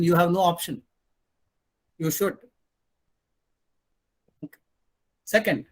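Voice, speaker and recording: A man's voice: a little high, a bit bright. A man speaking as a panelist, emphatic and sarcastic, often answering his own rhetorical questions. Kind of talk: panel discussion commentary.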